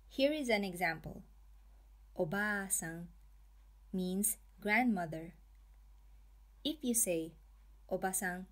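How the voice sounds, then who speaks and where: A woman teaching a language lesson, pronouncing each example slowly and carefully in a scripted narration. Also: fairly low pitch. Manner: slow, careful, drawn-out pronunciation.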